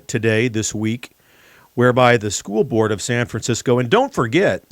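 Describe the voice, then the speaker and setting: An emphatic man hosts a political commentary show and often turns to the audience as he speaks. His voice sits in a middle pitch. The sound is dry and close to the mic. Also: no room sound. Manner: emphatic, repeatedly addresses "ladies and gentlemen". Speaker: talk show host.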